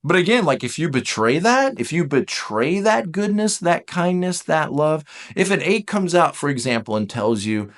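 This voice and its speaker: Man teacher, casual and self-mocking, animated, fairly high voice. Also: normal speed, hardly any pauses. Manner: animated, self-deprecating, emphatic. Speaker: Enneagram teacher.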